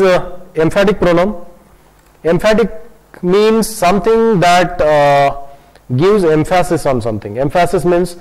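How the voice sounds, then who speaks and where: A man gives an online grammar lesson in a fairly high voice. He talks in a halting way, full of "uh" and restarts, and slows down to stress key terms. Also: a little mellow, low-quality recording. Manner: hesitant, many fillers and restarts, switches into Hindi to explain. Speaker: English grammar teacher.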